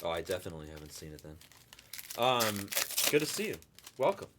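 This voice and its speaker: A man's voice: low voice, big pitch swings, a little fast. Guy running a card break stream, chatty and rambling, crinkly noisy room, packs tearing behind him. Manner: rambling, chatty, talks to the chat by name. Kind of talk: live-stream sales chat with viewers.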